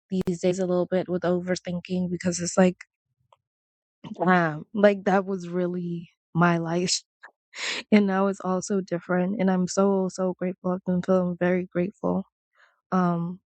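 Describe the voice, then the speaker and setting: Low-voiced chatty woman vlogger, dry sound. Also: a little mellow, no echo. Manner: chatty, rambling, laughs often, quotes people in voices. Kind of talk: casual chat to camera.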